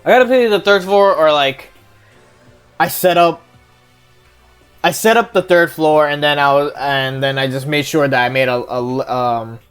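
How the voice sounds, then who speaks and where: A woman's voice: a bass voice, clean tone. A woman streamer giving casual let's-play commentary, rambling, swearing and thinking aloud. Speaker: game streamer.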